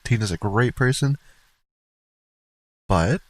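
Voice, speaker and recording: A man's voice: medium pitch, expressive, slow pace, husky, dry recording, rough recording. A man streamer giving casual, blunt and profane commentary to his chat as he reacts to a livestream. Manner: blunt, profane, rambling asides.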